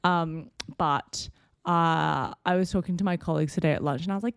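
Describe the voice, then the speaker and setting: A woman's voice: low voice, steady tone, brisk, smooth, dry recording. A young woman hosting a solo podcast, chatting in a rambling, playful way and shifting her voice for fun. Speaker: podcast host. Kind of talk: casual solo podcast chat. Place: home in Hong Kong.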